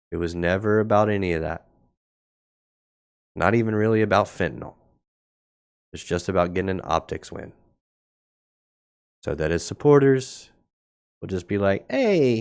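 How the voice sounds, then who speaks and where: A man with a lowish voice and clean tone hosts a casual crypto market livestream. He talks over charts in a blunt, sarcastic way, with a cough that keeps breaking in now and then.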